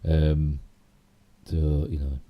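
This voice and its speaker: A middle-aged man with a Yorkshire accent chatting through a casual live stream, rambling with many fillers and asides, his voice a little hoarse. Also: extremely low pitch, flat delivery, drawn-out words, highs cut off. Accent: Yorkshire English. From Yorkshire, England. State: slightly hoarse. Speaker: channel host.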